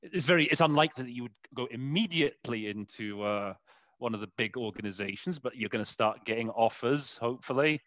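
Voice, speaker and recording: A man's voice: medium pitch, brisk, a bit bright, no echo. A man who works as an interpreter, talking casually in an interview and often stopping to search for words with many fillers. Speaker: interpreter guest. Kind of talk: conversational interview.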